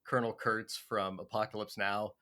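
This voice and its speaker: A man's voice: lowish voice, level tone, moderate pace, sharp tone, clean tone. A man co-hosting a film podcast, casually walking through scenes and chuckling now and then. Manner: walks through scenes, chuckling, with small restarts. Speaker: podcast co-host. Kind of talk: casual chat recapping a film.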